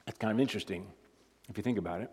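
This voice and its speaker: A man preaching as a guest speaker, moving between quiet conversational asides and emphatic rising points. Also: lowish voice, very fast, slight background noise. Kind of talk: sermon. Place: church sanctuary. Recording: long hall reverb.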